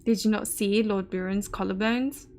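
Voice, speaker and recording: A woman's voice: medium pitch, fairly even intonation, moderate pace, a little mellow, lightly acted. A woman voicing a wry, anxious young noblewoman, reading game dialogue aloud in a formal storybook manner. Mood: earnest.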